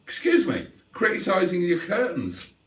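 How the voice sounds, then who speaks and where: A man's voice: high voice, huge pitch swings, normal speed, fairly bright tone, far from the mic. A man hosting a livestream and reading out chat in a playful, wry, mock-theatrical way. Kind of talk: casual chat.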